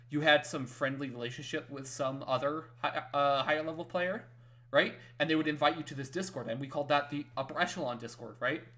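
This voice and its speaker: A man with a somewhat high voice shares a competitive gaming memory on a casual podcast. He pads his talk with fillers and keeps checking in with his listener. His energy rises into loud, excited bursts as the story peaks. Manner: animated, builds to excited yelling when retelling wins; talks in fillers and repeated tag questions. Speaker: podcast co-host.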